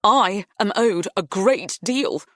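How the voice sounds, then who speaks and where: A woman's voice: medium pitch, expressive, takes it slowly, a bit bright, no room sound, studio quality, voice pushed up. A woman playing a flustered, insistent man. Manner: insistent, ponderous. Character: flustered middle-aged man insisting he is owed.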